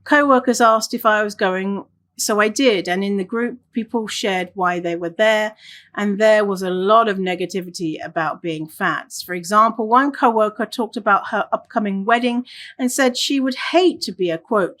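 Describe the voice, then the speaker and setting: A woman's voice: mid-range voice, normal speed, fairly bright tone. A woman hosting a solo podcast, talking casually and reading listener stories aloud. She swears freely and laughs often. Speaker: podcast host.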